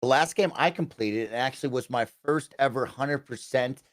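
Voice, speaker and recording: A young man on a casual gaming chat, talking enthusiastically and quickly, often tagging his sentences with "right?". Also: medium pitch, no room sound, studio quality. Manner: enthusiastic, fast, peppered with "right?". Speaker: guest.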